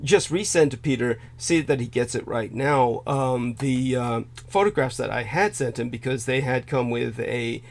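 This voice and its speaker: A male livestream host with a gravelly, fried edge in his voice, of ordinary pitch for a man. He speaks haltingly, with many filler sounds and restarts. He is losing his voice as he talks. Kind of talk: livestream discussion.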